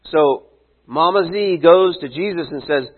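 A man's voice: on the high side, measured pace, husky. A man preaching a sermon in a casual, conversational way, full of asides and rhetorical questions. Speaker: pastor. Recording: tinny phone-like sound.

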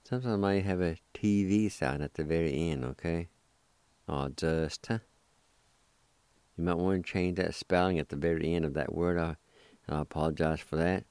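A very deep, unhurried male voice, smooth and resonant. He drills words syllable by syllable with patient repetition. The recording is dry and close. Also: a little mellow, dry recording. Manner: patient, repeats syllables, apologetic corrections. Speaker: language teacher. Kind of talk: slow spelling and pronunciation drill.

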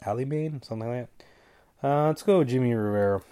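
A man's voice: mid-range voice, fairly quick, mellow, clean tone. A man with a stuffy nose hosting a casual solo show, rambling through picks with jokey asides and stumbling over names. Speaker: podcast host giving fight picks.

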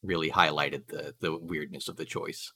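A man co-hosting a podcast, chatting casually about a movie in a halting way, full of restarts and "uh"s. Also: very deep voice, fairly even intonation, pushed and bright, breathy edge, no room sound, studio quality. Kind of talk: casual movie discussion chat.

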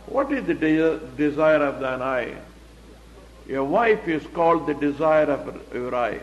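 A man's voice: a little high, animated, unhurried. A man teaching the Bible verse by verse, explaining it plainly and asking rhetorical questions. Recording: echoey hall, dull lo-fi recording.

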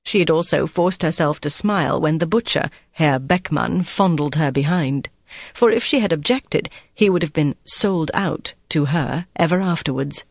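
An audiobook narrator reading a novel in an even, measured storytelling manner. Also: mid-range voice, gravelly, no room sound, studio quality. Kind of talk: scripted narration.

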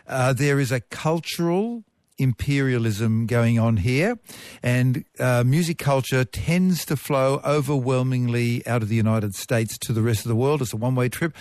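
A man's voice: medium pitch, a little mellow, no room sound, studio quality. Chatty man explaining science. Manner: rambling, explanatory, self-correcting. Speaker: radio science expert. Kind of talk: call-in radio science talk. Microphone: studio microphone.

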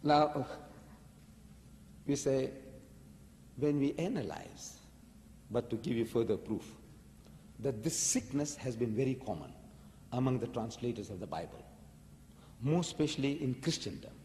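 A man's voice: medium pitch, expressive, measured pace, pauses often, warm tone, a little hiss or hum. A man giving a public religious lecture, arguing emphatically and firing off rhetorical questions. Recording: long hall reverb.

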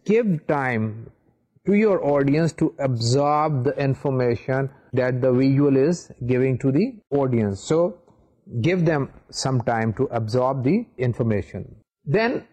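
A man giving a recorded university lecture while seated, explaining in a measured way with frequent pauses. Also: fairly high pitch, dark tone. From Pakistan. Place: seated in a studio.

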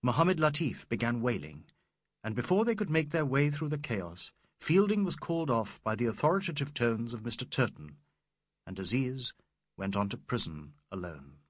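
A man reading a novel aloud as narrator, expressive and measured. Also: medium pitch, no echo, clean studio sound. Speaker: audiobook narrator. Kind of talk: scripted narration.

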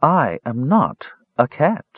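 A man's voice: a little high, big pitch swings, slow pace, slightly rough, no room sound, voice pushed up, exaggerated voice. A man voicing a lazy, sly male tabby cat who drawls in a wry, knowing way. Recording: slightly dull lo-fi recording.

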